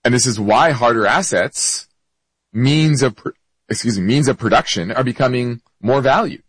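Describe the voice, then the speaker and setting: A man's voice: medium pitch, normal speed, a bit bright, breathy edge, dry recording, poor audio. A man hosting an investment show, explaining markets and answering a listener's question, with hiccups and frequent self-corrections.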